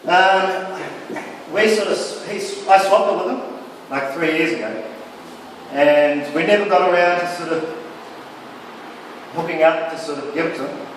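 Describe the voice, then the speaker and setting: A man's voice: a little high, unhurried, long pauses, recorded from a distance, a little hiss or hum. A man giving a casual, rambling floor talk about his artworks in a gallery. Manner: rambling, casual, with many "sort of" and "like" fillers. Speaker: exhibiting artist. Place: gallery, indoors. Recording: echoey gallery picked up from afar.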